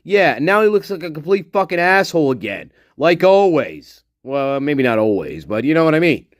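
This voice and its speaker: Male streamer, angry profane rant, higher voice swinging widely in pitch, close and dry sound. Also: big pitch swings, moderate pace, no room sound. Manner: muttering while reading chat. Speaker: livestream host. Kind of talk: casual livestream chat.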